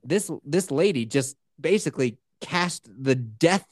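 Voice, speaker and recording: A man hosting a casual podcast, telling stories in a profane, animated way and breaking into laughter. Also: a little high, a little slow, no echo, studio quality. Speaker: podcast host.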